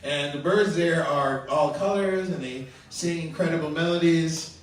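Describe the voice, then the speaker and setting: A middle-aged man from Colombia doing open mic stand-up and chatting with the crowd, with a halting, rambling delivery full of ums and little laughs. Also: fairly high pitch. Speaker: stand-up comedian. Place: comedy club room. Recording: echoey room, mic far off.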